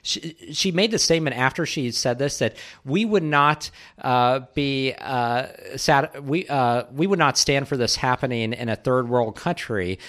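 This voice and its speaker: A man co-hosting a casual political talk show, speaking in animated, emphatic bursts. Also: mid-range voice, measured pace, hardly any pauses. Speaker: political commentary co-host.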